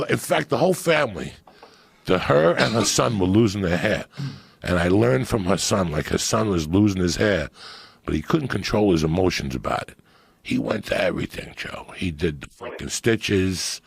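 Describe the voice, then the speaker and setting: A middle-aged man telling animated, profane stories in casual chat on a podcast. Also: deep voice, moderate pace, creaky, husky, no room sound. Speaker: podcast guest storyteller.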